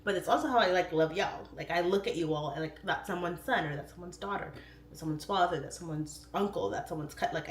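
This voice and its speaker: A woman in her thirties hosting a casual livestream, chatting openly and jumping up in pitch when she quotes herself. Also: echoey room. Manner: chatty, expressive, pitch jumps up for quoted voices. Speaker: livestream host.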